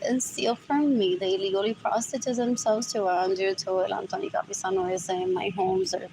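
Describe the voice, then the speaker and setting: On a livestream, a woman talks by herself in a mid-range voice, steady in tone and brisk, over a noisy background. She rambles and mutters, repeats herself, and switches languages mid-sentence.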